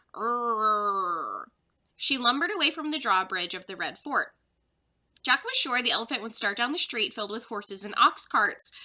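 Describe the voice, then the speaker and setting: A young woman, a third-grade teacher, expressively reading a children's chapter book aloud to her class. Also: a little high. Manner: expressive storyteller.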